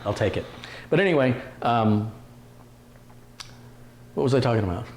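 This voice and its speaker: A man's voice: medium pitch, lively intonation, normal speed. A man hosting a live stream, chatting casually, joking and reading viewer comments aloud. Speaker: livestream host. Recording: roomy echo, faint room noise.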